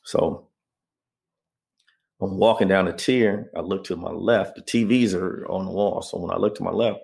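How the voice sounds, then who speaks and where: Speaking in a low, creaky, darkish voice at a moderate pace, a man recounts his personal story as an interview guest. He's conversational and keeps checking in with the listener, frequently saying "you know what I mean."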